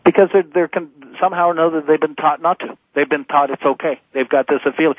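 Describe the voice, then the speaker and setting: A man's voice: on the high side, fairly even intonation, fast, few pauses, breathy edge, no room sound. A man in his fifties, a motivational speaker, talking emphatically as a guest in a phone-in radio interview. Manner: emphatic, preachy motivational delivery. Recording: tinny phone line.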